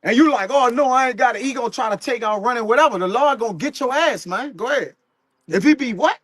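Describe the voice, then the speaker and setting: A man's voice: very high voice, lively intonation, fast, fairly bright tone, slightly rough, no room sound, clean studio sound. A man preaching at a live teaching session, speaking loosely with slang and profanity and chuckling between points. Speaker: street preacher.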